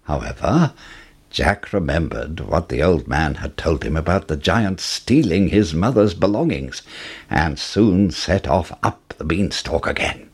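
A man reads a fairy tale aloud in an expressive storybook manner. His voice is slightly husky and unhurried, rising and falling a great deal. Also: sits low. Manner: expressive, sing-song. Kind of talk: storybook narration.

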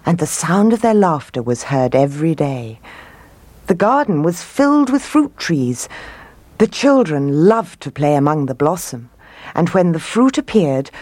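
Low, lively woman reading a storybook aloud. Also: no room sound. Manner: gentle, expressive read-aloud.

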